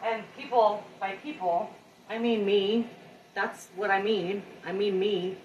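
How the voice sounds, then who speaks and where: A woman's voice: medium pitch, fairly even intonation, a little slow, reverberant, far from the mic, lo-fi sound, slight background noise. A woman chatting casually with her viewers as she cooks a simple meal on a live stream at home, talking to them directly and poking fun at herself. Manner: chatty and self-deprecating, talks to viewers directly. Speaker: home cook hosting a live cooking stream. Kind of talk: casual live cooking chat. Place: home kitchen.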